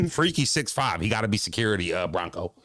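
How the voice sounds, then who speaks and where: A man's voice: fairly low pitch, sharp tone, dry recording. Man, streamer, brash, profane, rambling, dry close sound. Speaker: streamer and battle-rap commentator. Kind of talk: casual stream talk.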